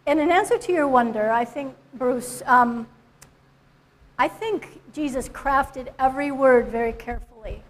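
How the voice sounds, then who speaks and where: A woman in church reading a Bible passage aloud slowly and deliberately. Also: high voice, poor audio. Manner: slow and deliberate. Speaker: Scripture reader in church.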